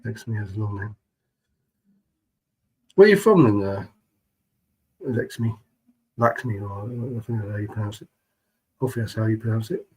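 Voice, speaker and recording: A man's voice: on the low side, flat delivery, a little fast, long pauses, slight background noise, poor audio. A man chatting casually on a live stream, greeting viewers and reading their messages in a laid-back, chummy way, keeping his voice down.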